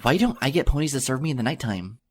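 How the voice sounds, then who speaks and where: A man's voice: medium pitch, expressive, fast, natural voice. A man reading an audiobook, voicing a mischievous, playful young filly pony with a chirpy, teasing manner.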